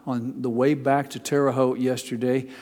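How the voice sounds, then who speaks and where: Older pastor preaching in a reverberant hall. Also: male voice, medium pitch, flat delivery, unhurried, a little mellow. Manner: storytelling, folksy asides, builds to emphatic peaks. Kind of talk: sermon.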